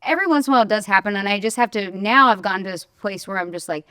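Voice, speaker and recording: A woman's voice: medium pitch, expressive, very fast, sharp tone, smooth, no room sound, studio quality. A woman in her forties co-hosting a podcast, telling a domestic story in a candid chat and acting out both sides. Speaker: podcast co-host.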